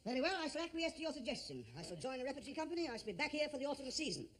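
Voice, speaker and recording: A man's voice: very high-pitched, sing-song, rapid-fire, fairly bright tone, a little hiss or hum, heavily acted. A man playing a vain, blustering actor who thinks himself a great Shakespearean star, in old radio comedy. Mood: grand. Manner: grandiose, self-important, bluster. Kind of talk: 1950s radio comedy acting.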